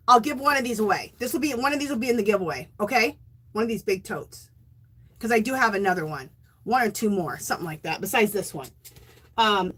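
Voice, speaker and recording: Bubbly high-voiced woman livestreaming. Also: pushed and bright, slightly rough. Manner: bubbly, laughs often, thanks viewers by name. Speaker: livestream host of a knitting and crochet show. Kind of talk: casual livestream chat with viewers.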